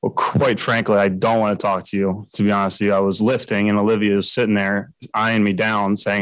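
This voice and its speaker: Flat, low-voiced blunt ballplayer. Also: male voice, no echo, rough recording. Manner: blunt, halting, many fillers. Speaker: baseball pitcher. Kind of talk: postgame press interview.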